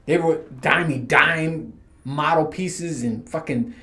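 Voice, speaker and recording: A man with a voice pitched a bit higher than most men talks casually through a solo podcast. He rambles from story to story, swears freely, and breaks into laughter often. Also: slow pace, pushed and bright. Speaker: podcast host.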